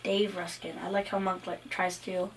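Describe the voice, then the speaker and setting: A woman's voice: fairly low pitch, flat delivery, moderate pace, recorded from a distance, a little hiss or hum. A young woman co-hosting a podcast, chatting casually and playfully with frequent giggles. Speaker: podcast co-host. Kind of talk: casual chat.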